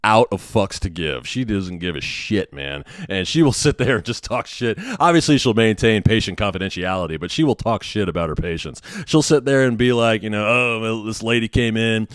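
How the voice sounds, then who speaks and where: A man's voice: on the low side, expressive, brisk, few pauses, no room sound, studio quality. A man in his thirties hosting a podcast, ranting bluntly and sardonically with lots of swearing. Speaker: podcast host, hospital worker. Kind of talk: ranting monologue.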